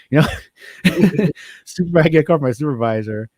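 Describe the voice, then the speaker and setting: Profane, animated man telling stories. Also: mid-range voice, fast talker, no echo. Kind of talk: casual chat.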